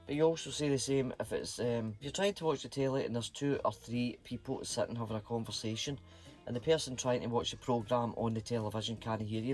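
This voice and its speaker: A man's voice: mid-range voice, steady tone, quick pace, a little mellow, faint music behind. A middle-aged man with a Scottish accent, chatting casually and playfully to his vlog viewers in a rambling way. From Scotland. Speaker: channel host.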